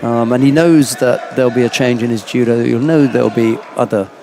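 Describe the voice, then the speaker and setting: A man's voice: mid-range voice, brisk, noisy background. A man commentating live on a judo event, chatty and anecdotal. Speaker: sports commentator.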